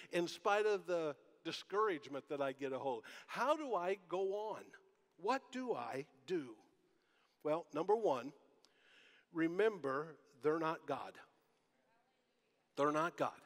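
A pastor with a high-sitting voice preaches a sermon in a church sanctuary, keeping it conversational and using rhetorical questions. Long church hall reverb fills the recording.

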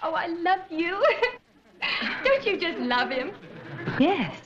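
A woman's voice: very high-pitched, expressive, slow pace, a bit bright, lo-fi sound, full character voice. A woman playing a flirtatious, gushing car buyer in a 1960s sitcom. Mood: flirty. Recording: 1960s TV audio with music.

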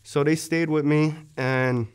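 A man's voice: on the high side, fairly even intonation, takes it slowly, smooth. A young man, a war veteran, earnestly recounting how he was wounded, in an interview, with many fillers.

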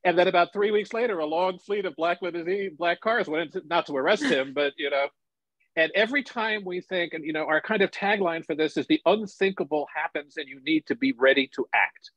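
A man in his sixties, a journalist and author, telling stories and reflecting in a relaxed interview conversation. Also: fairly high pitch, fairly quick, dry recording. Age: 60s. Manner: storytelling, animated, relaxed and reflective. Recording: dull lo-fi sound, dry.

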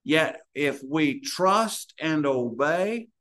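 A man's voice: on the high side, animated, drawn-out words, a bit bright. A man preaching a sermon, telling stories and acting out the voices in them. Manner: storytelling preacher, acts out voices in anecdotes.

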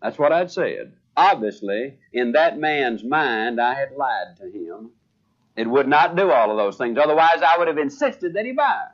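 A man's voice: medium pitch, normal speed. An older man, a sales trainer giving a motivational speech, telling a story and voicing the people in it. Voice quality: animated storyteller voicing dialogue. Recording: dull lo-fi speech recording.

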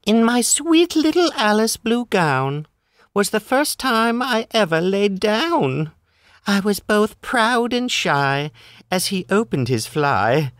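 Coy young woman reciting rhymes , a man putting her on; slow, dry and close. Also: high voice, sing-song, fairly bright tone, no echo, pitched above the performer's own voice, full character voice. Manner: sing-song rhyming recitation. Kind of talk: bawdy limerick reading.

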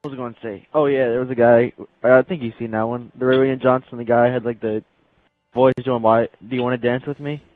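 A young man of middling pitch jokes around and laughs often as he games with a friend. His voice comes through a thin, phone-like chat line with faint music behind it. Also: level tone, fast, no echo. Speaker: co-player friend. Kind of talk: casual chat while playing a game. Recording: tinny party-chat line.

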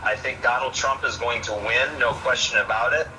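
An enthusiastic man calls in as an author guest, with a mid-pitched voice. He comes through a speakerphone with noticeable noise around him. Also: fairly even intonation, a little fast, bright, forceful tone, rough recording. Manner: upbeat, enthusiastic. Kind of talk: call-in guest talk.

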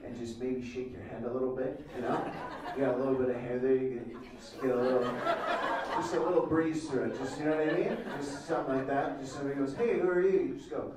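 A man's voice: medium pitch, steady tone, heavy background noise. Teasing male comedian in a roomy hall. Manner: teasing, playful, quick banter with audience members. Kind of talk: improvised crowd work. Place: event hall with a laughing audience. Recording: roomy, distant mic with loud crowd laughter.

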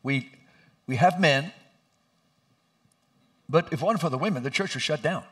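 A middle-aged man preaching as a pastor in a church, telling lively stories and laughing as he goes. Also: a little high, normal speed. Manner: animated, laughing storyteller who acts out voices. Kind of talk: sermon with storytelling. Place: church sanctuary.

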